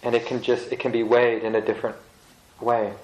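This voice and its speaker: A man teaching meditation to a group, speaking slowly and reflectively, pausing to search for words. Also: medium pitch, little pitch movement, darkish tone. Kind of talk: reflective dharma talk to a group. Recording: roomy echo of a meeting hall.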